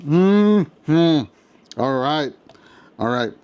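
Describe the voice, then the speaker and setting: A man's voice: medium pitch, unhurried, darkish tone, muffled recording. A man giving casual unboxing commentary as a toy reviewer, chatty and enthusiastic, often restarting his sentences.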